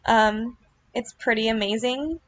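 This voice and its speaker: A woman giving casual reaction commentary on a video, gushing and earnest, with lots of fillers and quick apologies. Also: on the high side. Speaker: vlogger reacting to her club's riding routine.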